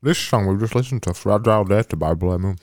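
A man co-hosting a podcast in casual chat, teasing and deadpan. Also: on the low side, quick pace, no room sound, studio quality. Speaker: podcast co-host.

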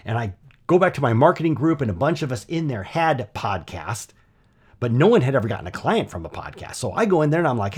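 A middle-aged man hosting his own podcast, telling a personal story in a chatty, animated way with lots of asides. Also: mid-range voice, fast, breathy edge. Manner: conversational, animated storytelling with frequent "you know" and "right?". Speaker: podcast host.

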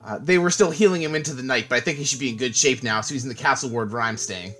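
A man's voice: medium pitch, racing, fairly bright tone. A man playing a tabletop game in character, speaking politely and a little hesitantly. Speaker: player.

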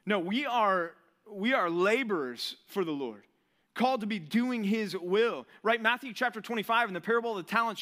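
Guy pastor preaching, high-pitched, chatty, keeps asking "right?". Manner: lively, conversational preaching with frequent rhetorical questions. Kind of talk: sermon.

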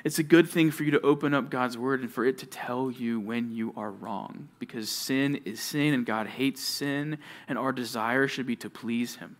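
A male youth pastor preaching to junior high students, telling stories with animation and talking straight to his listeners. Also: moderate pace, few pauses. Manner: animated storytelling, addresses listeners directly.

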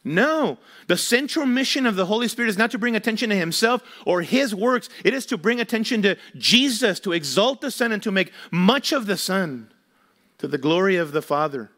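High-voiced man preaching a sermon. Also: animated, moderate pace, fairly bright tone. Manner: emphatic preaching with rhetorical questions. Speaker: pastor.

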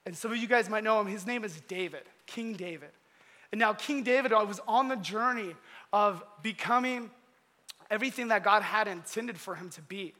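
Animated young-sounding preacher in a hall. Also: male voice, high-pitched, moderate pace. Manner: animated, slangy. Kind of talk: casual storytelling sermon. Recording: long hall reverb.

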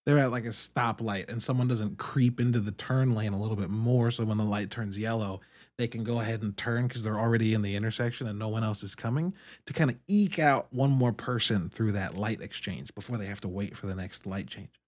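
A man's voice: fairly low pitch, brisk. Profane, candid man telling stories. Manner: candid, profane, animated storytelling. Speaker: podcast host. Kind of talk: casual monologue.

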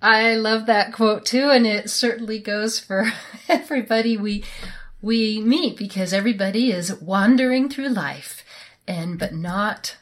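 A woman's voice: mid-range voice, unhurried. A woman hosting a podcast interview, upbeat and emphatic, who laughs often. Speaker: podcast host.

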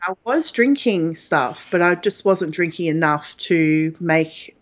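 A woman's voice: fairly low pitch, animated, slow pace. A woman guest telling a personal story in a frank, chatty way, with plenty of fillers. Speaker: interview guest. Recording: dull lo-fi audio.

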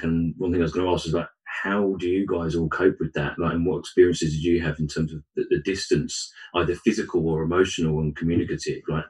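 A man working as a divorce coach, rambling with self-deprecating humour and frequent restarts in a casual podcast chat. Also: deep voice. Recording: voice a bit distant from the mic.

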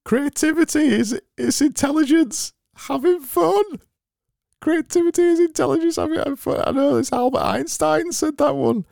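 Man doing a forced-cheerful grinning voice, squeaky falsetto, dry close mic. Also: big pitch swings, moderate pace, vocal fry, a little mellow, dry recording, full character voice. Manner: strained falsetto smile voice.

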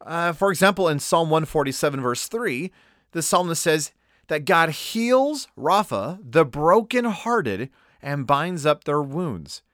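Emphatic male preacher with a lively voice. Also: fairly high pitch, no room sound, studio quality. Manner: emphatic, slows down to stress key words. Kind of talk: sermon teaching.

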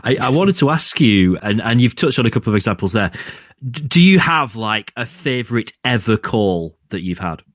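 A man's voice: medium pitch, lively intonation, moderate pace, fairly bright tone, dry recording, studio quality. A man interviewing a guest, asking short encouraging questions.

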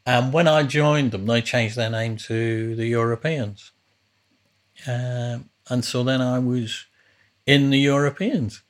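Rambling male storyteller. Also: medium pitch. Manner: rambling, with frequent restarts. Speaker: podcast host and musician. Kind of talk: casual storytelling.

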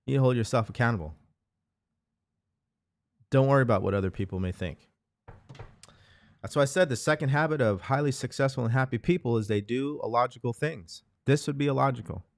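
A man's voice: mid-range voice, fairly quick, gravelly, pauses often, no room sound. A man hosting a motivational live show, talking earnestly and repeating phrases as he coaches listeners. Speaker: host.

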